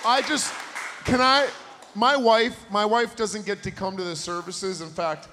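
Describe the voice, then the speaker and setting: High, bright camp preacher. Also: male voice, unhurried, some chatter behind, slight background noise. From United States. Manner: animated, swings from shouting to near-hushed asides. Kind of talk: storytelling sermon. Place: camp meeting hall. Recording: long reverb of a large hall.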